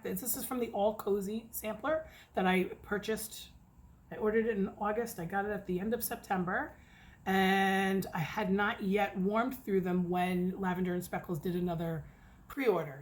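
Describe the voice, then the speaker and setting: A middle-aged woman from the United States chatting casually at home about wax she has tried, excitable and cursing now and then. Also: medium pitch. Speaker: wax reviewer. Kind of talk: casual chat. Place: home near an airport.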